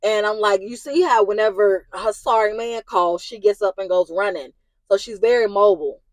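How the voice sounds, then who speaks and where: A woman's voice: mid-range voice, normal speed, no echo, rough recording. A young woman from Indiana telling an emotional personal story, agitated and at times raising her voice as she relives an argument. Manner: agitated, rising to yelling in retold arguments. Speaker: vlogger.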